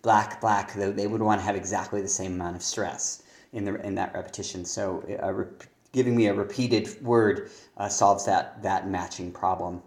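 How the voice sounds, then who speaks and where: A man reading submitted lyrics aloud and commenting on how their stresses fit, pausing often to think. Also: fairly low pitch, steady tone, a little mellow, reverberant. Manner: reads lines aloud then comments on stress, thinking aloud with fillers. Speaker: songwriting teacher.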